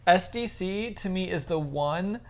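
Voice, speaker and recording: A man's voice: sits high, expressive, unhurried. Easygoing man podcast co-host. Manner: easygoing, conversational, a bit rambling. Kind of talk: casual chat.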